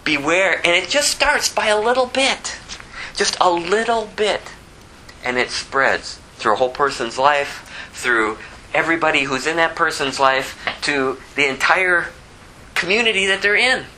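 A man preaching a conversational sermon, asking rhetorical questions and dropping low to act out quotes. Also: lively intonation, unhurried, bright, forceful tone, a little hiss or hum, poor audio. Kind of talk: expository sermon.

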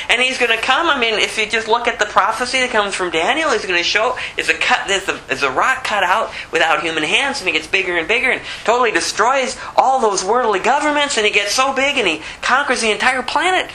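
A man preaching an expository sermon, shifting from slow, low scripture reading to emphatic, repeated rebukes. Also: lively intonation, sharp tone, slight background noise, rough recording. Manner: repeats phrases for emphasis, chuckles at his own points.

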